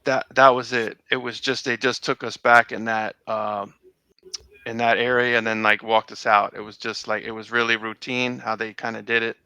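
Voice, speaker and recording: Gravelly bright-voiced man, rambling. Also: medium pitch, little pitch movement, normal speed, no echo, poor audio. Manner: rambling, many fillers and restarts. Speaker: interview guest. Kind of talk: casual conversational interview.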